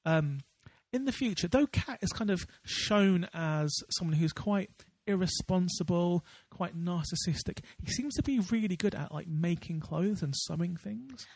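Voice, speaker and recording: Rambling podcast co-host, a man with a voice pitched a little high. He chats casually, stumbling through fillers and restarts, recorded dry and close with no room sound. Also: animated, normal speed, vocal fry, hardly any pauses, a little mellow, husky, no echo. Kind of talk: casual chat.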